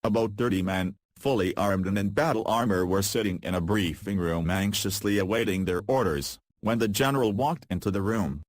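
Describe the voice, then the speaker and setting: Male story reader, deadpan and flat, low voice, dry sound. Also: moderate pace, hardly any pauses, dry recording. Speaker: reader of fan fiction. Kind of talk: reading a story aloud.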